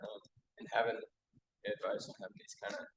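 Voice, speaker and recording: A young man in the audience asking a halting question, full of "like" and "um". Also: a bit bright, rough recording.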